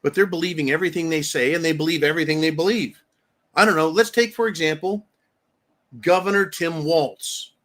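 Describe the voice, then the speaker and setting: A man's voice: a little high, a little fast, fairly bright tone. A man hosting a talk show, giving rambling, emphatic, opinionated commentary. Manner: rambling, emphatic, mocking voices for quotes. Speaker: show host.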